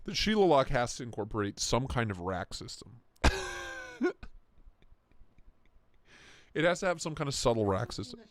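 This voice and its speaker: A livestream host with a mid-range voice and huge pitch swings talks unhurriedly, leaving long pauses, with no echo. He jokes crudely, laughs a lot, and reads out donations on his casual stream.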